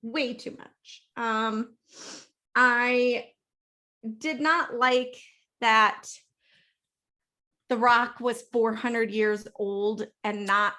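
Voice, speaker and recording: A woman co-hosting a casual movie review podcast, laughing often and acting out characters in quick funny voices. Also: on the high side, fairly even intonation, pushed and bright. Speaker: podcast co-host.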